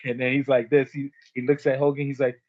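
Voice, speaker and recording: A man's voice: mid-range voice, brisk, dry recording, highs cut off. A man co-hosting a podcast, telling stories in casual chat and acting out the voices of the people in them. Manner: animated storyteller acting out quotes. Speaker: podcast co-host.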